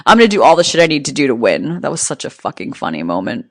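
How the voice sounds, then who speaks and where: A woman's voice: sits low, sing-song, fast, no room sound, clean studio sound. Blunt, profane woman giving a pep talk. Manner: rhythmic, near-rhyming phrasing. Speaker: motivational speaker. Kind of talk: motivational monologue.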